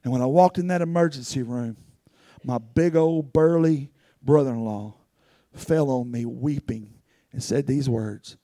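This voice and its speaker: A man's voice: medium pitch, measured pace, mellow, no echo, studio quality. A man preaching a sermon as pastor, telling personal stories earnestly and rising into fervent pleading.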